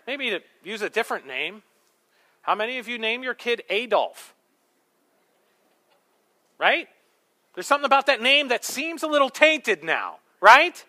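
A man's voice: extremely high pitch, very animated, normal speed, long pauses, sharp tone. A male pastor preaching a sermon, emphatic, with rhetorical questions and humorous asides.

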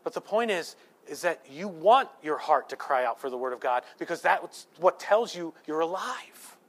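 A man in his thirties, a pastor preaching a sermon with lively storytelling and self-deprecating humor, swinging between loud emphasis and hushed asides. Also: a little high, moderate pace.

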